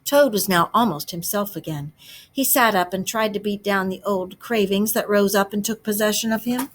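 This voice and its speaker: A woman teacher narrating a storybook aloud to a class, with expressive delivery. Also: medium pitch, moderate pace, a little hiss or hum.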